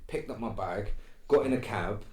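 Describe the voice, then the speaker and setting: A man's voice: fairly low pitch, normal speed, reverberant. A man who is a guest on a podcast, telling a story loosely and checking in with "right?". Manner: relaxed storyteller, tags lines with "right?". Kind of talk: casual chat, storytelling.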